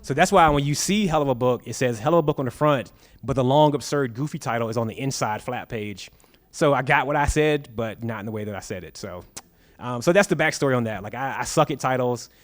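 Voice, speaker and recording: Author guy on a bookstore stage, lively storyteller, does the voices of people in his stories. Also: medium pitch, brisk. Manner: lively storyteller, acts out quoted dialogue. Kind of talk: storytelling at a live book talk. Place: bookstore stage before an audience.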